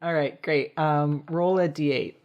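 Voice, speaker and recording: A man narrating a tabletop game as dungeon master, describing scenes in an unhurried storytelling way. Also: a little high, fairly even intonation, dull audio.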